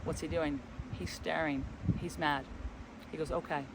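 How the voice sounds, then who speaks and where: A co-host of a spiritual travel channel, this man has a fairly high voice with vocal fry and a flat, unhurried delivery. Standing in a windy forest with light wind and outdoor noise around him, he loosely rambles through a story and performs the dialogue.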